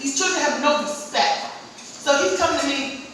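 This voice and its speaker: A woman in her forties performing stand-up, telling stories in animated bursts and jumping into high, loud character voices. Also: normal speed. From Maryland, US. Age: 40s. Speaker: stand-up comedian. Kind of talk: stand-up comedy set. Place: comedy club stage. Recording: echoey club from a distant mic, crowd noise.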